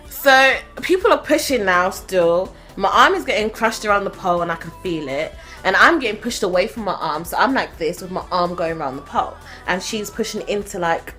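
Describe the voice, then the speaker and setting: Bright-voiced chatty woman. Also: mid-range voice. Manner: chatty, animated, laughs often. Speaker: vlogger. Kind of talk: storytime vlog.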